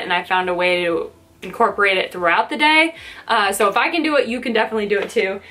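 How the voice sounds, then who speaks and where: A woman's voice: mid-range voice, fairly bright tone. A young woman in her twenties, chatting casually to camera in her bedroom, upbeat with lots of fillers. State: slightly out of breath. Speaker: lifestyle vlogger. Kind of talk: casual vlog talk to camera.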